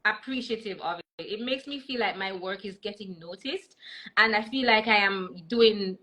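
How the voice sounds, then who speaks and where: A woman's voice: mid-range voice, normal speed, bright, forceful tone, low-quality recording. A Jamaican woman, a comedian, telling stories in a casual interview over a video call, switching between patois and English. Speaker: comedian guest.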